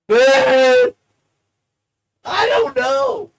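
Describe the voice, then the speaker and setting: A live-streamer in a rambling, profane, emotional monologue, swinging between low mutters and loud outbursts. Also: huge pitch swings, drawn-out words, creaky, pauses often. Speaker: livestreamer.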